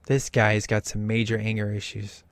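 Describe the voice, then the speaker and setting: A man's voice: fairly low pitch, monotone, normal speed, dry recording. A man talking through a film in casual commentary, enthusiastic and emphatic with lots of slang.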